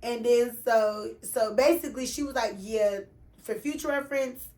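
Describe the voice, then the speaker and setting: A woman's voice: on the high side, moderate pace. A woman with a Texas accent telling a story casually, full of slang and swearing, acting out the other people's lines. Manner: animated, profane, slangy, acts out quoted voices.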